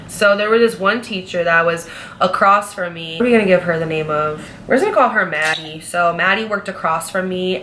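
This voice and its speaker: A bright, forceful young woman recounting a workplace story in a chatty, animated way with plenty of fillers. A faint hum of noise sits under her voice. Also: fairly low pitch. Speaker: vlogger. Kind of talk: casual storytime.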